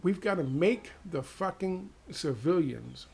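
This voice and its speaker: Man, American accent, blunt profane commentary, husky, rhetorical questions. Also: on the high side, expressive, slow pace. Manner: ranting, drops to hushed tones. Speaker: political commentator. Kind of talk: heated monologue.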